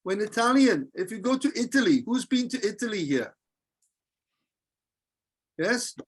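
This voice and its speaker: Teacher, male, patient and playful, leads a relaxed group class. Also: high voice, husky. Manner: patient, jokey, repeats verses slowly. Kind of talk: casual group lesson.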